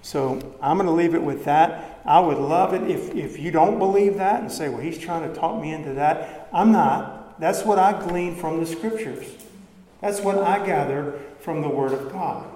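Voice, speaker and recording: A man preaches in a conversational, earnest way, pressing his points with rising emphasis. His voice sits a little high but sounds mellow. The sound rings with long reverb from a large hall, with faint room noise behind. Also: normal speed. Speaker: pastor. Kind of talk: sermon.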